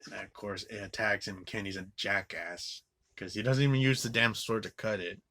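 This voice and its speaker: A man giving a casual, rambling movie review, swearing a lot and filling every pause with filler words. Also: on the low side, steady tone, sharp tone, a little hiss or hum. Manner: rambling, profane, filler-heavy with frequent "like".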